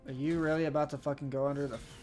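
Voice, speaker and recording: A man giving live gameplay commentary on his match, ranting with a steady stream of profanity and exasperation. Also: a little high, racing, soft background music.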